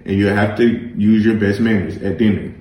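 A man voicing a patient, firm mother in a children's story, calm and steady. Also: on the low side, fairly quick, heavy reverb, lightly acted.

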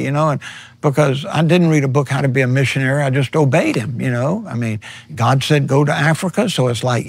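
A man's voice: medium pitch, fairly quick, breathy edge, no room sound. A middle-aged man, a missionary preacher, telling his story earnestly in an interview and acting out his own words. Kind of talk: personal testimony in an interview.

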